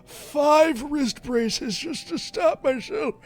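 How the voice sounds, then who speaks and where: A man voicing a grumbling old man who rambles and complains in a drawn-out way. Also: extremely high pitch, pitched above the performer's own voice. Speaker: streamer.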